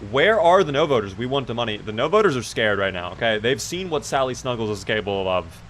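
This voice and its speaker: A young man streams a survival game live, talking quickly in a mid-range voice against slight background noise. Casual and animated, he reads out chat and vents exasperated outbursts at his character.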